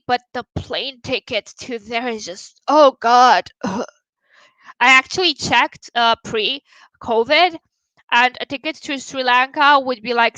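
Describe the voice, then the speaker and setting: High, bright-voiced woman streamer. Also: smooth, no room sound, highs cut off. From Romania. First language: Romanian. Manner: outspoken and blunt, swears casually. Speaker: livestream host. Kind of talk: casual livestream chat.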